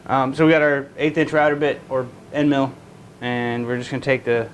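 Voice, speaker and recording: Talking in a goofy made-up accent for his own amusement, a guitar builder rambles through a casual vlog in his woodworking shop, restarting frequently. He speaks at medium pitch and moderate pace with fairly even intonation. The sound is lo-fi and the background noisy.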